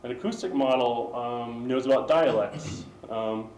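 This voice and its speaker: An American man presents technical ideas at a meetup in a casual, conversational way, pausing on ums and drifting into asides. He sounds distant from the microphone, with a roomy echo and a faint hum of ambience behind him. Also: medium pitch, a little mellow. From United States. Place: meeting room, live-streamed.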